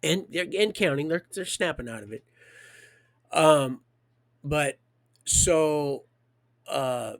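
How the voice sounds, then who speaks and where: A middle-aged man telling a rambling personal story on a livestream, halting with many restarts and swinging from quiet to loud. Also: on the high side, no echo.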